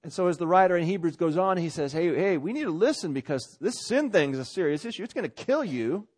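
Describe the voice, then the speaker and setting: A man preaching a conversational sermon as pastor, rising to loud swells and dropping to quiet asides. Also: sits high, lively intonation, quick pace.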